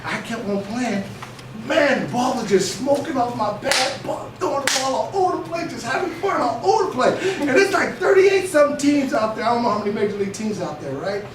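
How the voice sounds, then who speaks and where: A middle-aged man from Oakland giving a motivational talk to students, an animated storyteller who acts out his own dialogue and laughs often. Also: very high-pitched, brisk. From Oakland, California. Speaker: motivational speaker. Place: school hall or classroom. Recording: echoey room, speaker far from camera, noisy.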